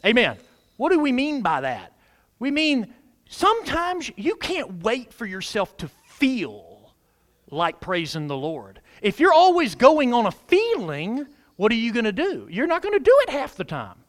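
A man preaching a sermon as pastor, animated, urging the congregation to respond. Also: very high-pitched, a little slow.

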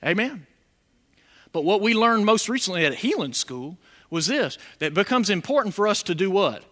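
A man preaching a sermon as pastor, animated, with call-and-response questions to the congregation. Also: sits high, moderate pace.

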